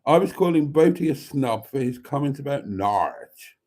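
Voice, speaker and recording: A man's voice: medium pitch, sing-song, normal speed, a little mellow, husky. A man hosting a live stream, chatting casually and rambling as he reads viewer comments aloud, with mild swearing. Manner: rambling, chatty, self-deprecating, swears mildly.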